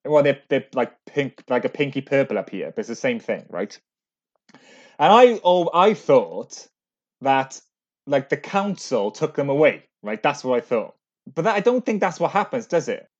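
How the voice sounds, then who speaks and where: A man hosting a relaxed podcast, full of curious questions. His voice rises and falls a lot. The recording sounds a little dull and muffled. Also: medium pitch, moderate pace. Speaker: podcast host. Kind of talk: casual podcast chat.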